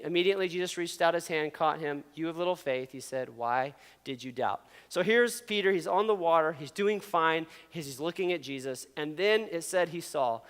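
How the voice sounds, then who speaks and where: A man's voice: high-pitched, fairly bright tone, smooth. A man giving a casual youth sermon, playful, often laughing and asking the audience questions. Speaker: youth pastor. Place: large hall with an audience. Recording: long hall reverb.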